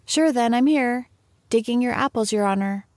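A woman's voice: fairly high pitch, moderate pace, darkish tone, dry recording, lightly acted. A timid, humble gardener servant, put on by a woman reading a storybook. He speaks in a deferential, slightly raised voice, eager to please his master, recorded dry and close. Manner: humble, says "your honor".

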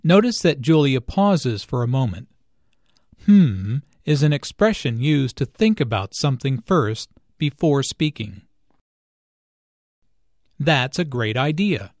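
A man narrating an English lesson in a deliberate, explanatory way, stressing key words clearly. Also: medium pitch, a little mellow, no room sound, clean studio sound.

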